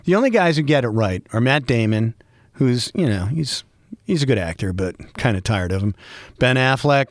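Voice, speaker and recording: A man's voice: mid-range voice, normal speed, no echo. Rambling Boston man, dry close sound. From Boston area, USA. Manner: rambling, animated, joking asides. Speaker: podcast host. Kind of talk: casual solo monologue.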